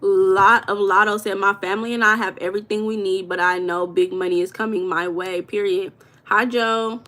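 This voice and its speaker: Woman, live stream host, casual chat, affectionate, bright tone, middle pitch. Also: fairly even intonation, moderate pace. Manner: affectionate, calls viewers baby.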